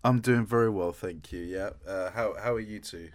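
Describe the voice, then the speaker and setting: A man's voice: on the low side, moderate pace. An English man from near London, a voice actor talking casually as an interview guest, modest and hesitant with many "um"s and "sort of"s. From England.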